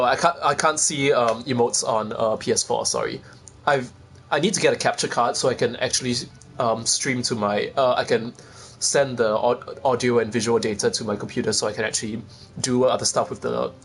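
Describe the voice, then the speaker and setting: A man's voice: mid-range voice, fairly even intonation, brisk, a bit bright. A man streaming a video game, rambling casually and chatting to viewers with self-deprecating asides. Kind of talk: casual gameplay commentary.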